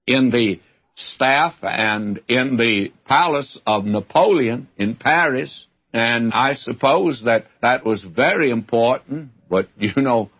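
A man's voice: mid-range voice, slightly rough, dull audio. A man teaching through a Bible passage in a folksy, conversational sermon style, stressing his points with emphasis.

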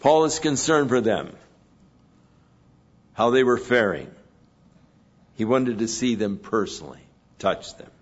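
A man preaching an expository sermon in a measured way, pausing between phrases. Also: medium pitch, animated, slightly rough, lo-fi sound. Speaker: pastor.

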